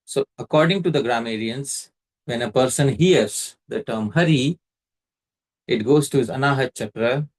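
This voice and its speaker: Measured man teaching scripture. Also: medium pitch. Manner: measured and explanatory, quizzing the listener. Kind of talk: scriptural lecture.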